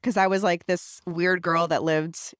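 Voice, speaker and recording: A woman's voice: lowish voice, steady tone, a little slow, clear, resonant tone, no echo, studio quality. Laughing, bantering woman podcast guest. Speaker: podcast guest, founder and pastor. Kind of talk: casual podcast conversation. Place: in-person home recording setup.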